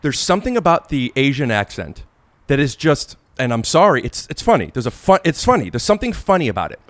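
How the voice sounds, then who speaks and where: A man hosting a casual podcast interview, halting and searching for words with many restarts. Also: medium pitch, sing-song, fairly bright tone, dry recording. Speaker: podcast host.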